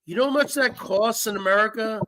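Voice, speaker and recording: A man's voice: sits high, a little fast, a crowd in the background. A man hosting a casual live stream who talks bluntly, repeats himself and swears freely. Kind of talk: casual chat.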